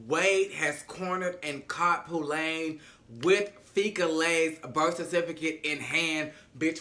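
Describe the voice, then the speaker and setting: A man's voice: a little high, bright, forceful tone. A man giving a sassy, profane, dramatic casual recap of a TV episode. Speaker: show recap vlogger.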